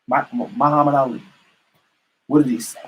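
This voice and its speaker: Husky male commentator, emphatic and preachy, casual rant. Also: medium pitch, flat delivery, a little fast, a bit bright, low-quality recording. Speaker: political commentator. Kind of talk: casual political rant to camera.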